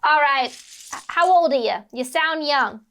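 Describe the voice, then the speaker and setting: A woman voicing an older female talent agent with a gravelly smoker's rasp, curt and no-nonsense. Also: high voice, unhurried, a bit bright, pitched above the performer's own voice. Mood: brusque. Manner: curt, no-nonsense, clipped questions.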